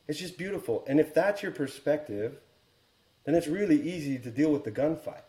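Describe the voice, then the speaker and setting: A man in his forties tells a story as a podcast guest, earnest and reflective, pausing to restart his thoughts. His voice is mellow and warm, and the room around him has a noticeable echo. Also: mid-range voice. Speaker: guest, Air Force helicopter pilot and author.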